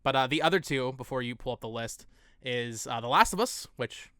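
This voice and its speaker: A man talking quickly and casually as a podcast co-host, laughing easily between his points. His voice is bright and sits close on a dry mic with no room sound. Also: mid-range voice, expressive, smooth, dry recording.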